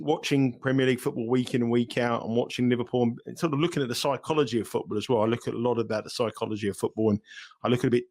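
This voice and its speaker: A man with a London accent, a betting expert guest chatting casually on a podcast, repeating words as he goes. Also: mid-range voice. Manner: chatty, repeats words, sort of and you know.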